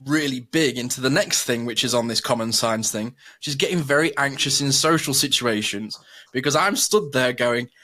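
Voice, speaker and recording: An animated man chatting on a podcast at a middle pitch. He acts out quoted lines as he tells his stories. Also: normal speed. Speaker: podcast co-host. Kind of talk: casual chat.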